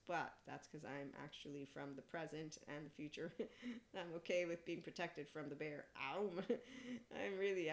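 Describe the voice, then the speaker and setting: Low-voiced woman in a rambling monologue. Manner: rambling, frequent laughter, blunt and profane. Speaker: podcast host. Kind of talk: casual spiritual monologue.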